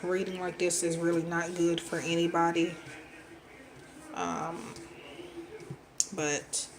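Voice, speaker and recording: Woman tarot reader, breathless and subdued, slow halting delivery, noisy home recording. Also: level tone. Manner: soft, low-voiced, halting with many ums. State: out of breath, unwell. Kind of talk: pick-a-card reading.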